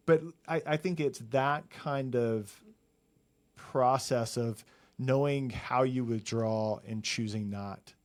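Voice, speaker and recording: A man's voice: mid-range voice, slow pace. A man guest on a podcast, a couples counselor, speaking earnestly and thinking aloud as he explains. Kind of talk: conversational podcast interview.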